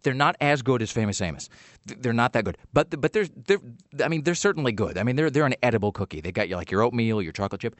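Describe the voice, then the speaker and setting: A man's voice: mid-range voice, quick pace, no echo. A man hosting a radio show, chatting casually and rambling through jokey stories. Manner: rambling, animated storytelling. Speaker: radio host.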